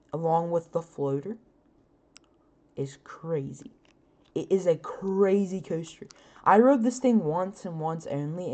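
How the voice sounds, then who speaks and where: A woman's voice: deep voice, mellow. A woman hosting her own podcast, chatting casually with lots of fillers, her voice a bit scratchy. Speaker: podcast host. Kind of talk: casual solo podcast chat.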